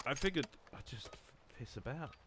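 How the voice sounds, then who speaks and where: A man's voice: medium pitch, expressive, normal speed, fairly bright tone, slight background noise. A young man streaming from home, chatting casually to his viewers in a rambling, self-mocking way. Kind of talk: casual live-stream chat.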